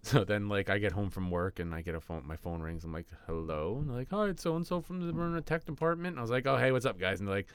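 A man's voice: on the low side, animated, fast talker, hardly any pauses, clear, resonant tone, dry recording. A man co-hosting a casual podcast, telling stories animatedly, acting out quotes and laughing often. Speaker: podcast co-host and teacher. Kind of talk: casual storytelling.

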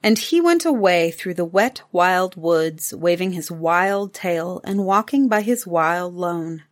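A woman narrating a classic fable aloud in a measured, rhythmic storytelling manner. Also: on the low side, lively intonation.

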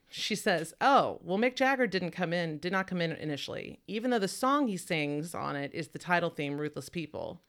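A woman's voice: on the low side, animated, normal speed, a bit bright. A woman hosting a casual podcast chat, talking enthusiastically and laughing as she retells stories. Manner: enthusiastic, laughs and quotes others. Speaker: podcast host.

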